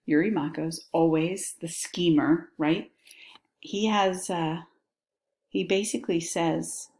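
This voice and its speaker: Woman teacher, reads aloud and explains, casual chatty manner, somewhat low pitch. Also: unhurried, a little mellow. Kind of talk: reading aloud and explaining a text.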